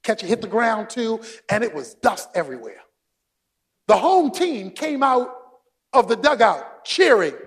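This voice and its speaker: High-pitched, animated preacher man. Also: moderate pace. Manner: animated, shouting for emphasis, joking asides to the congregation. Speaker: pastor. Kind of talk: sermon.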